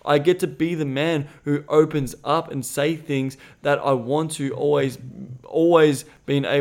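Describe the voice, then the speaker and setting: A man co-hosting a podcast, speaking candidly and swearing freely as he acts out conversations with animated voices. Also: medium pitch. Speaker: podcast co-host. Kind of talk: casual podcast chat.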